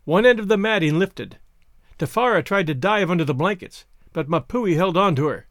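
A male podcast host reads a classic story aloud in an expressive storytelling manner. His voice sits high and moves lively through its range. The recording is dry and close. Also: normal speed, dry recording. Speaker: podcast narrator. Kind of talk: scripted narration.

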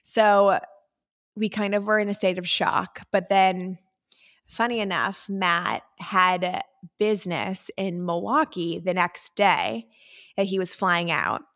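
A woman's voice: lowish voice, slow, fairly bright tone. Chatty young woman, filler-heavy. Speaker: podcast co-host. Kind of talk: casual chat.

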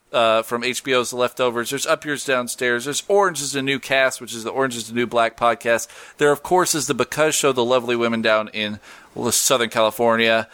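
A man's voice: medium pitch, bright, forceful tone, clean tone, no room sound. A man hosting a podcast, chatting casually and jokingly, reading listener posts and plugging shows. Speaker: podcast host.

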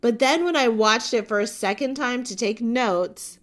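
A woman's voice: on the high side, moderate pace, a bit bright. A woman hosting a casual recap of a reality show, chatty and gushing, full of fillers. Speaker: podcast host reviewing a reality show.

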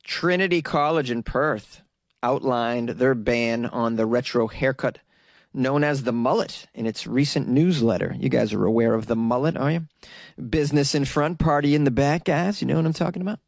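A man's voice: mid-range voice, moderate pace, no room sound, clean studio sound. A young man from Massachusetts hosting casual news commentary, with joking, sarcastic asides. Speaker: host.

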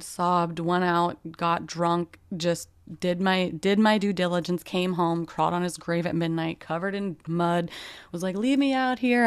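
Low-voiced woman telling a personal story. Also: clear, resonant tone, dry recording. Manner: candid and emotional, with casual fillers. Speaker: podcast host.

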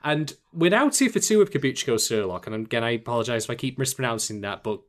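A man co-hosting a podcast, rambling and self-mocking, a bit tipsy and animated. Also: medium pitch, fast. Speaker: podcast co-host. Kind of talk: casual podcast chat.

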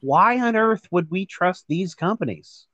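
A man's voice: high-pitched, measured pace, no echo, dull audio. A man co-hosting a podcast in casual chat, swearing freely and laughing often. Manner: profane, excitable, laughs often. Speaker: podcast co-host.

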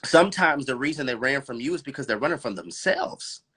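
A man talks about faith and relationships with the fervent rhythm of a preacher, firing off rhetorical questions. His voice is bright and forward, with a husky edge. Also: medium pitch, expressive, brisk. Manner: laughs and addresses listeners as bro, girl. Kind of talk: preachy podcast conversation.

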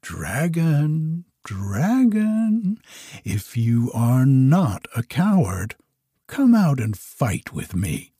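A man's voice: mid-range voice, sing-song, slow, mellow, slightly rough, no echo, clean studio sound, full character voice. Bold, defiant young prince, read by a man. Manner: calling out boldly, mocking. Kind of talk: storybook reading.

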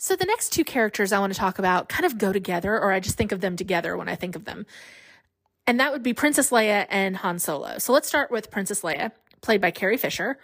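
A woman in her forties hosting a podcast in casual chat, chatty and animated, laughing often. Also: mid-range voice, quick pace. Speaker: podcast host.

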